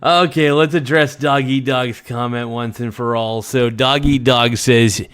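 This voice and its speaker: Guy hosting a stream, blunt and rambly, mid voice, kinda unhurried. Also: medium pitch, fairly even intonation, fairly bright tone, clear, resonant tone, no echo. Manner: rambling, blunt, reads out viewer comments. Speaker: livestream host. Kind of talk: casual livestream chat.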